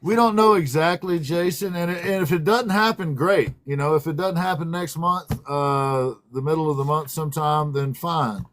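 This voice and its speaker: A man's voice: fairly high pitch, normal speed, hardly any pauses, a bit bright. Rambling man hosting a livestream. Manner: rambling, greets viewers by name. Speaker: livestream co-host. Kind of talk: casual livestream chat.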